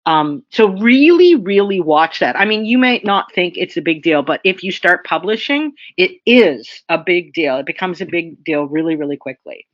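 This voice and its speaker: A woman's voice: fairly low pitch, lively intonation, normal speed, few pauses, no echo. A woman lecturer giving an academic seminar talk in a conversational way, often checking in with her listeners. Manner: conversational, checks in with "okay?" and "right?". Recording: dry, dull lo-fi lecture audio.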